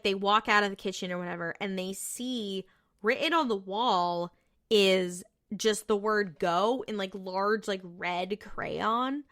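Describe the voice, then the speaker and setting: A woman's voice: medium pitch, sharp tone. A woman co-hosting a podcast, casually recapping a TV episode, chatty and cursing freely as she quotes the characters. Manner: chatty, swears freely, retells scenes with quoted voices. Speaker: podcast co-host.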